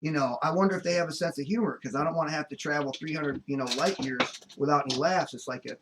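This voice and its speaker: A man's voice: a little high, fast, heavy background noise. A man, a comedian in a casual chat, rambling as he sets up jokes.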